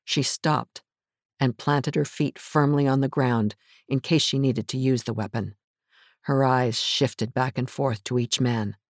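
Audiobook narrator, mid pitch, measured, close dry studio mic. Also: steady tone, dry recording. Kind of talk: scripted narration.

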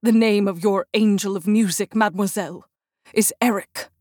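A woman voicing a despairing young nobleman who speaks in a quiet, earnest tone. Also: fairly even intonation, normal speed, dry recording, clean studio sound, lightly acted. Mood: grieving, hushed. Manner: hushed, low and earnest.

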